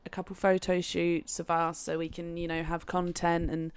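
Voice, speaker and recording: A young woman co-hosting a podcast from a friend's house, telling a story in a giggly, animated way. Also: lowish voice, normal speed, clear, resonant tone, no room sound. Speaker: podcast co-host. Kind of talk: casual chat.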